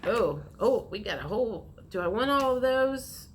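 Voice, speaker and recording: A woman's voice: a little high, expressive, moderate pace, background noise. A woman giving a frank, chatty tarot reading, speaking straight to the viewer. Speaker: tarot reader. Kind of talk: casual tarot reading to camera.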